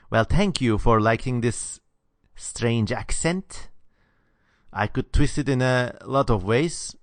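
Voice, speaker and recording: A man's voice: medium pitch, takes it slowly, dry recording. Man with a Southeastern European accent. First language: not English. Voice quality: sharp sibilant consonants. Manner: opinionated, lively. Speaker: channel host answering viewer questions. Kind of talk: casual Q&A monologue.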